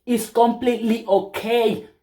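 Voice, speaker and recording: A woman's voice: a little high, fairly even intonation, measured pace, dark tone. A woman hosting her channel, giving an emphatic, preachy opinion monologue full of rhetorical questions, with non-native phrasing. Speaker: channel host.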